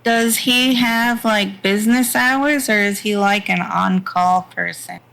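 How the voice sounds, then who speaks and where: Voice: mid-range voice, slow, gravelly, pushed and bright, slight background noise, poor audio. A player in a tabletop game over voice chat, asking hesitant questions about the rules.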